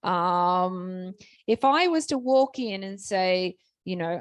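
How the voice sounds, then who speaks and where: A woman talks on a festival panel, telling anecdotes in a loose, chatty way and restarting her sentences often. Her voice sits at a middle pitch. The sound is dry and close to the mic. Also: lively intonation, measured pace, no room sound. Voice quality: chatty, storytelling with many restarts. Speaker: panel author.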